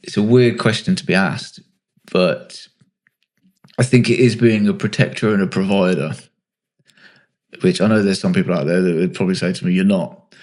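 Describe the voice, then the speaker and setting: Laid-back bloke, lowish voice. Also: male voice, moderate pace, long pauses. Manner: relaxed, self-mocking, thinks aloud. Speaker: podcast host. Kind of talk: casual podcast chat.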